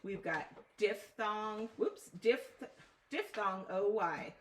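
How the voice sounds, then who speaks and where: A woman reading teacher giving a one-on-one phonics lesson, prompting clearly and patiently. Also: medium pitch, animated, slow. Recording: roomy, distant mic with faint noise.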